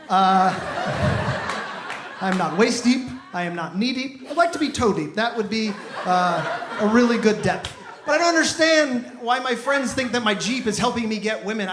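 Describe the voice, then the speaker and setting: A young man performing a stand-up comedy set, telling stories in a deadpan way with bursts of mock outrage. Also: high voice. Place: comedy club stage with a live audience. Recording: echoey room with noise.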